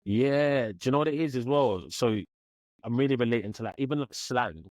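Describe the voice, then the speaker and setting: A man with a London accent, co-hosting a podcast in relaxed, slangy chat. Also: mid-range voice, fairly quick, no echo. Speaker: podcast co-host. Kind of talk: casual chat.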